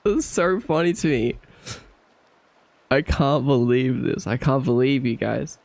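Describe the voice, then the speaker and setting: A man's voice: medium pitch, sing-song, takes it slowly, vocal fry, dry recording. A man streaming, chatting casually and animatedly, laughing often and sounding incredulous.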